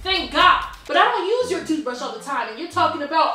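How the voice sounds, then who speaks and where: A woman's voice: very high voice, lively intonation, moderate pace, few pauses, sharp tone, recorded from a distance. A woman vlogger joking with her best friend, teasing and acting mock-offended while laughing her way through. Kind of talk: playful prank banter. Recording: echoey room, voice off-mic.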